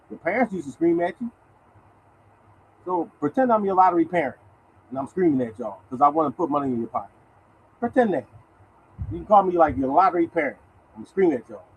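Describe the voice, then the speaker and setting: A man's voice: sits high, dull audio, a little hiss or hum. A man in his sixties hosting a lottery show, talking bluntly and swearing, speaking. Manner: animated, blunt, swearing, addresses audience as y'all. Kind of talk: casual monologue to viewers.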